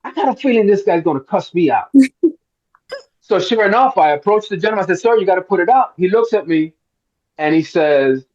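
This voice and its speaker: A middle-aged man from Miami, fairly high-pitched, spins a long story at a roundtable and slips into the voices of the people in it. The sound is a little dull and lo-fi. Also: a little fast. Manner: animated storyteller, acts out quotes. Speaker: actor guest.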